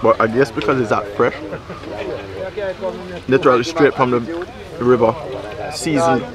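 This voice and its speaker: A man's voice: mid-range voice, a little slow. A man hosting a food vlog, tasting dishes at an outdoor riverside cookout and describing them with frequent exclamations and appreciative hums. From Jamaica. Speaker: food vlogger host. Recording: loud crowd chatter outdoors.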